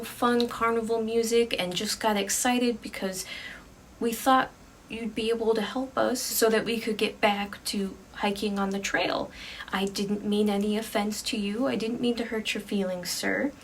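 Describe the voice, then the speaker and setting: A woman's voice: mid-range voice, far from the mic, slight background noise, lightly acted. A woman voicing an eager, cheerful young woman hiker who speaks in a bubbly, polite manner.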